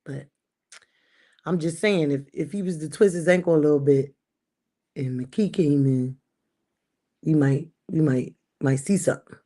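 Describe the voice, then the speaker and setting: A woman hosting a livestream, ranting casually to her chat about her football team. She repeats lines for emphasis and swings between shouting and muttering. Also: deep voice, a little slow, long pauses. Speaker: livestream host. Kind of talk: casual sports rant to live chat.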